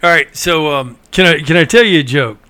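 Co-host guy telling a joke, laid back, bright high voice. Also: a little fast, clean tone. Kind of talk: casual talk show banter.

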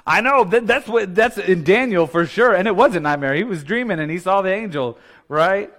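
A male pastor delivering a Sunday sermon, with a voice pitched a little above the usual for a man. He keeps it loose and conversational, cracking jokes and chuckling as he goes. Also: animated, normal speed, a bit bright. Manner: conversational and playful, laughing often.

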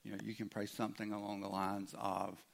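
Male pastor, low gravelly voice, informal conversational sermon. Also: completely flat delivery, fairly quick. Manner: conversational, acts out imagined listeners' objections.

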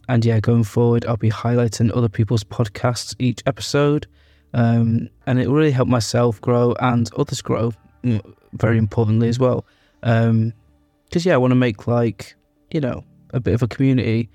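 A man's voice: medium pitch, steady tone, normal speed, dark tone, no room sound. A young man, hosting a podcast and chatting casually, rambling with lots of ums and fillers. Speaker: podcast host. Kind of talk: casual podcast intro chat.

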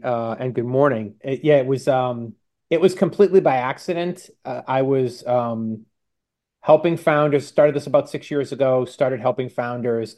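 A man gives an interview, confident and explanatory, with a voice of middle pitch. His answers are relaxed and conversational. He speaks over a video call. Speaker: guest.

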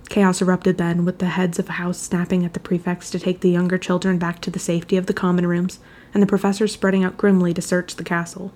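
A woman narrating a fan fiction chapter aloud, reading in an even, measured storytelling manner. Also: fairly low pitch.

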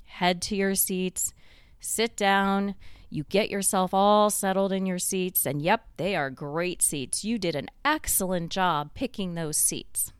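A woman's voice: mid-range voice, slow, clear, resonant tone, no echo. A woman host telling a guided second-person story in a conversational way, drawing the listener into the scene.

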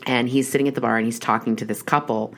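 A woman's voice: very deep voice, steady tone, quick pace. A young adult woman telling a long, rambling personal story in casual chat, with many restarts and fillers. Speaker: horror podcast host.

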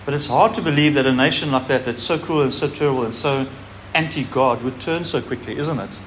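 A man's voice: mid-range voice, brisk, fairly bright tone, a little hiss or hum. A man pastor giving a sermon, reading scripture aloud with emphasis and speaking animatedly to a congregation.

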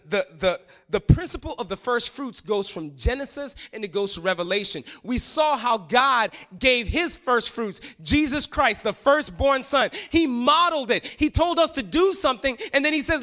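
A man preaching as a pastor, swinging between loud emphatic passages and hushed, quiet ones. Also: high-pitched. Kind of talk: sermon.

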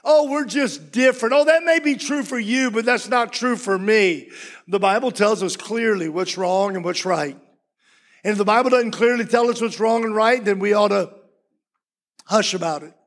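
A man preaching a sermon as pastor, impassioned, his voice swinging from loud to hushed. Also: high voice, normal speed.

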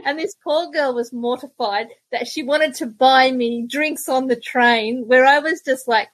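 A woman's voice: high voice, measured pace, dry recording, rough recording. A middle-aged Australian woman, a podcast guest, telling stories in casual chat and laughing often. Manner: chatty storyteller, laughs often.

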